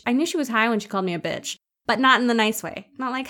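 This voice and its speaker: A woman's voice: a little high, quick pace, pushed and bright. Blunt, brash woman recounting a night. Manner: blunt, brash, acts out quotes. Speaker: interviewee, sister. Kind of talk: casual storytelling.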